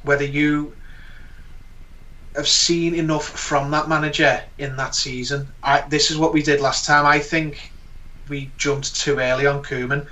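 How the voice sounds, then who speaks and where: A man's voice: mid-range voice, sharp tone. A man giving his views as a guest pundit in a casual chat, earnest and full of fillers and restarts. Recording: voice distant from the mic.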